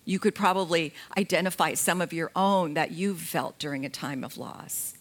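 A middle-aged woman giving a slow, gentle talk about grief, pausing often between phrases. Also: on the low side. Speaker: grief educator.

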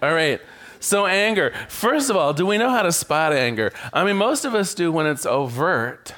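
A man's voice: fairly high pitch, very animated, normal speed, a bit bright. A man giving a sermon as a minister, conversational and joking.

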